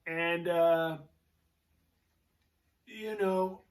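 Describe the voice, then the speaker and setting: A man's voice: a little high, fairly even intonation, extremely slow, distant mic. A man hosting his own show, telling a rambling story in a casual, chatty way with many fillers and restarts. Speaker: show host, jazz guitarist.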